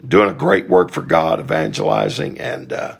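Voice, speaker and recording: A man's voice: medium pitch, big pitch swings, moderate pace, vocal fry, breathy edge. A man, a pastor, introducing a guest evangelist to his church in an appreciative way.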